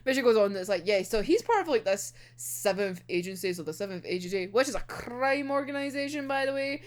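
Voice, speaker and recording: A woman's voice: on the high side, a little fast, hardly any pauses. A young woman giving a casual episode recap as an anime reviewer, giggling often, swearing freely and acting out the characters' lines.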